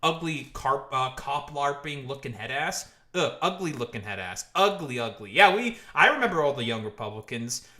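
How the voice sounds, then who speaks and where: A man's voice: medium pitch, very animated, normal speed, few pauses, bright, forceful tone, roomy sound. A man streaming, mocking and swearing through a profane rant with frequent laughs. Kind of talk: live stream commentary.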